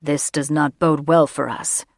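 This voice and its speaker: A woman voicing a grieving young male dragon who speaks low and shakily. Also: fairly even intonation, a little slow, no room sound, studio quality. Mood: somber. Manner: low, shaky.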